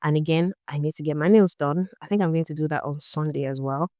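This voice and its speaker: A woman's voice: deep voice, fast talker, dark tone, dry recording, studio quality. A young woman talking casually to her camera in a vlog, chatty and exasperated as she tells a story. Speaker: vlogger.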